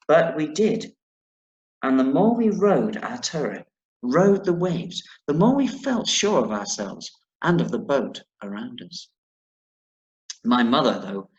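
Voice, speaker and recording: A man's voice: fairly high pitch, reverberant, dull audio. A male teacher reading a novel aloud to pupils, breaking off now and then to explain words and set homework.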